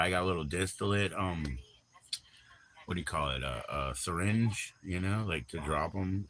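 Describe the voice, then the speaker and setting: A man's voice: sits low, bright, forceful tone, slight background noise. A middle-aged man hosting a casual livestream, rambling in slang, jumping between topics and greeting viewers in chat. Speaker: livestream host.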